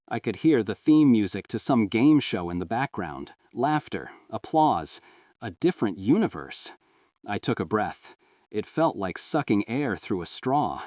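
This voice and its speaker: A man reading a scripted horror story in a dramatic, expressive way, heard through a dry, distant-sounding mic. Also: mid-range voice, a little slow, no echo. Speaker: narrator.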